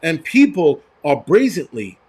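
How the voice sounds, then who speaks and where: A man's voice: on the high side, big pitch swings, a little slow, a little mellow, slightly rough. A man who works as a firefighter hosts a livestream, ranting bluntly and profanely and telling stories from work. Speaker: host and firefighter. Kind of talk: livestream rant and storytelling.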